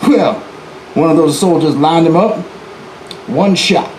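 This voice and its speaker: A man's voice: a little high, a little slow, a little mellow, echoey room, a little hiss or hum, close to an everyday voice, poor audio. Jesse James, a man playing a boastful outlaw. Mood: folksy boastful. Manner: folksy, chatty asides to the audience. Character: boastful defiant male outlaw bank robber. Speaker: historical reenactor. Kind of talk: first-person historical storytelling performance. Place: live presentation venue, indoors.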